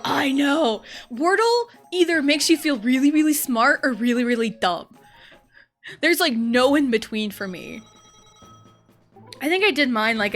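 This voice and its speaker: A woman's voice: a little high, a bit bright. A young woman streaming a video game, chatting casually, giggling and joking about herself. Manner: giggly, self-mocking. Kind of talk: casual gaming livestream chat. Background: faint game music.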